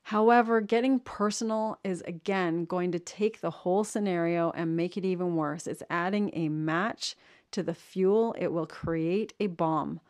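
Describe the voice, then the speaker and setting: A woman coaching leaders on communication in an earnest, steady instructional monologue, repeating and stressing key words. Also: lowish voice, measured pace.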